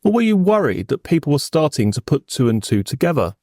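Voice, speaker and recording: A man's voice: on the high side, sing-song, brisk, mellow, no room sound, clean studio sound. Man cross-examining with pointed questions. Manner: formal, probing, pointed questions. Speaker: prosecuting barrister in reenactment. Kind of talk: courtroom cross-examination reenactment.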